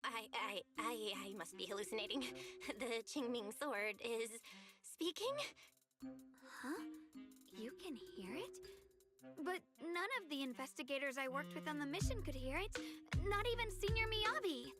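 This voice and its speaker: A woman's voice: high voice, expressive, normal speed, music in the background. An earnest young swordswoman. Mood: anxious. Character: young female sword-wielding investigator, earnest and anxious. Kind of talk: video game character dialogue.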